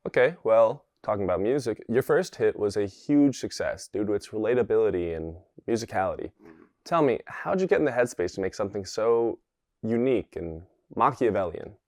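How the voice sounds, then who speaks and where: A man interviewing in a deadpan, formally polite way, talking fast with a lot of lift and fall in his voice. His pitch sits a little low, and the recording is close and dry. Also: no room sound.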